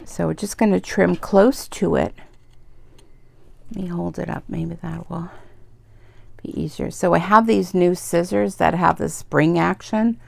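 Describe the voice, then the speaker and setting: A woman's voice: fairly low pitch, fairly even intonation, a little slow, gravelly, pauses often, darkish tone. A middle-aged woman hosting an embroidery video, talking in a rambling, chatty way while she works. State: tearful at times. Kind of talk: casual chat while crafting.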